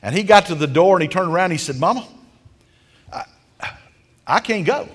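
A man's voice: sits high, expressive, fairly quick, a bit bright. A man preaching a sermon as folksy, homespun storytelling, with emphatic swells of intensity. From rural countryside. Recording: long hall reverb.

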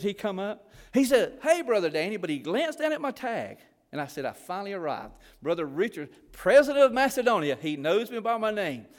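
This high-voiced man is preaching in a church where his words trail off in a long reverb. He spins folksy stories in Southern phrasing, drawing on his days as a missionary.

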